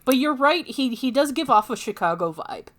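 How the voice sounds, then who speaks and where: A woman's voice: sits high, lively intonation, moderate pace, fairly bright tone. A woman co-hosting a podcast in casual chat, easygoing and mostly agreeing with short replies. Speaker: podcast co-host.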